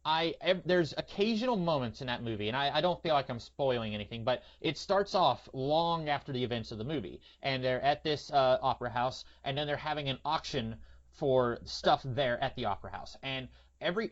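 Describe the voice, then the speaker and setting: A man's voice: medium pitch, expressive, fairly quick. A man hosting a podcast, chatting casually and opinionatedly about movies with many hesitations. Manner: rambling, opinionated, frequent hesitations. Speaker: podcast host. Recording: lo-fi audio.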